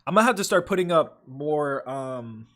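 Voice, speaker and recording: Young male streamer, slightly high voice, casual profane chatter while reading chat. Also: expressive, moderate pace, a bit bright. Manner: loose, profane, filler-heavy slang talk. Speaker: livestream host. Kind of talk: casual livestream chat, reading viewer comments.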